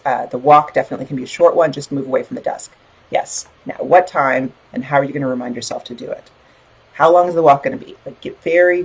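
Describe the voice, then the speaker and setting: A woman's voice: sits low, slightly rough, rough recording. A middle-aged woman hosting a book club live stream, chatting in an encouraging way and reading out viewer comments. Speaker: podcast host leading a book club. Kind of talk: casual live-stream talk to a group.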